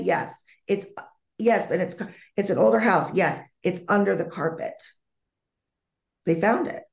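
A woman's voice: mid-range voice, a little slow, creaky, long pauses, reverberant. A woman being interviewed as a psychic medium, telling a story vividly, acting out the dialogue and often restarting her sentences.

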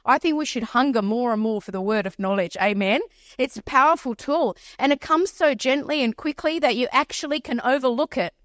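A woman minister tells a story from the pulpit in a high voice, acting out every line of dialogue. She repeats phrases for effect, and the sound is dry with no room echo. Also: brisk, fairly bright tone. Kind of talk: sermon storytelling.

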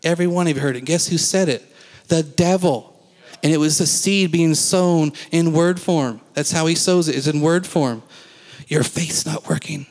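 Speaking at a normal speed, a man with a higher-leaning, somewhat dark voice delivers a sermon as pastor. He talks conversationally and questions the congregation in a church sanctuary, with the hall's long reverb audible throughout.

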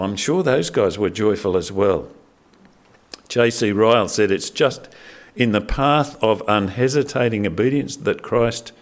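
Middle-aged man preaching conversationally. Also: fairly low pitch. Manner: conversational, animated preaching with frequent fillers and restarts. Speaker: pastor. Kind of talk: sermon.

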